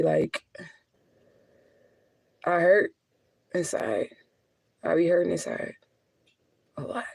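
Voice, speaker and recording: Woman, gravelly voice, blunt, profane, chatty, laughs often, dry close sound. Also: fairly low pitch, darkish tone, dry recording. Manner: laughs often between heavy remarks. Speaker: spiritual adviser and vlogger. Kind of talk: casual monologue to viewers.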